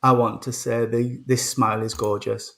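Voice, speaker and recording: A man's voice: mid-range voice, flat delivery, moderate pace, gravelly, fairly bright tone. A man hosting a photo-reading session, keeping things moving with short friendly prompts. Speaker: host. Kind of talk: casual chat.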